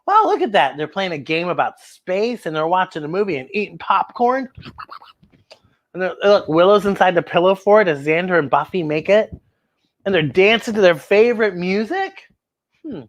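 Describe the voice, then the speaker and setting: A woman hosting a children's show, reading a picture book aloud with chatty, animated asides. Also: on the low side, normal speed. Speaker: children's story host.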